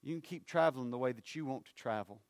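A man, preaching a sermon. His loud, rising appeals drop to low, hushed phrases. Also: fast, dry recording, studio quality.

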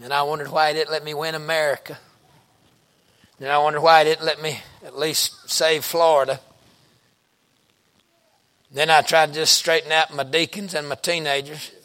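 A middle-aged preacher man tells stories from the pulpit in a slightly raised voice. He talks in a folksy, down-home way and punches certain words loudly for emphasis. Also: a little high, level tone, normal speed, pauses often. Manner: folksy, colloquial storytelling with bursts of loud emphasis. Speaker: pastor. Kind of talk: storytelling sermon.

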